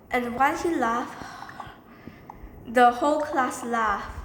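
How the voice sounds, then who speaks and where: A woman's voice: on the high side, takes it slowly, long pauses, a bit bright. A woman telling a story from her time as a teacher, rambling casually and leaning on filler words. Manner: rambling, repeats filler phrases. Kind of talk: storytime narration. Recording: echoey room with faint background noise.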